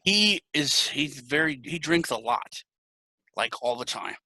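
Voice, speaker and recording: A man's voice: fairly high pitch, expressive, a little slow, pushed and bright, no room sound. A man hosting a casual drunk chat with friends, telling a rambling, profane story. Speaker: podcast host.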